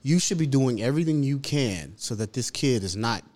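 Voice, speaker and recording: A man's voice: medium pitch, expressive, moderate pace, darkish tone. A man co-hosting a podcast, arguing in a profane, casual chat. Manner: argumentative, profane. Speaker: podcast co-host.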